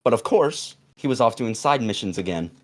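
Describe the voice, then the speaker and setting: A man's voice: medium pitch, animated, normal speed. A young man casually telling a long story on a podcast, rambling with fillers and restarts and acting out the quoted lines. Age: young adult.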